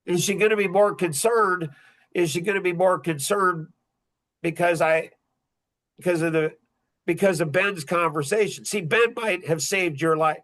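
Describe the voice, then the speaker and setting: A man's voice: sits high, normal speed, a bit bright. A middle-aged man hosting a podcast in casual talk, blunt and rambling, often repeating himself. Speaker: podcast host.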